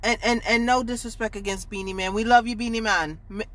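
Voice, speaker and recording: A co-host of Caribbean heritage in a casual podcast chat, chiming in with quick agreements and patois lines. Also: medium pitch. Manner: lively, chimes in with short agreements and patois lines.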